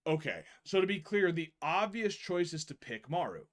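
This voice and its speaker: A young man streaming a game, chatting casually and reading narration, an animated storyteller who laughs often and swears freely. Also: fairly high pitch, moderate pace. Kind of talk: casual live-stream chat and game read-through.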